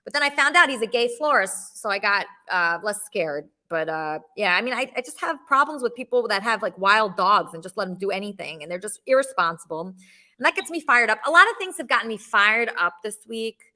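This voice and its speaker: A woman's voice: mid-range voice, lively intonation, brisk, sharp tone. A woman hosting a call-in show, talking bluntly and rambling in casual chat. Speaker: podcast host.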